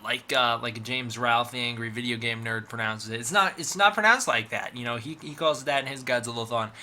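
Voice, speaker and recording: A man's voice: mid-range voice, sharp tone. A young man giving a rambling, enthusiastic film review monologue full of restarts and repeats. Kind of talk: casual video review monologue.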